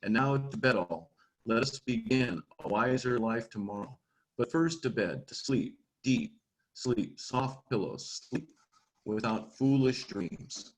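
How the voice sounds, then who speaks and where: A man reading aloud as a scheming witch queen from a storybook, soft, slow and lulling. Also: mid-range voice, lively intonation, close to an everyday voice, rough recording.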